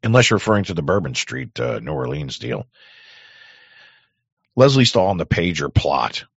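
Deep gravelly hoarse guy rambling sarcastic on his show, dry muffled sound. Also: sing-song, moderate pace, no echo. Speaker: podcast host. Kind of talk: casual commentary.

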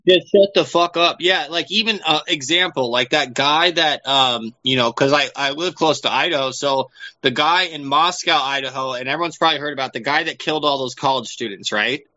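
A man's voice: a little high, fairly quick, pushed and bright. A man chatting casually as a podcast co-host, rambling and profane with lots of fillers, on a dull lo-fi recording. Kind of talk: casual chat.

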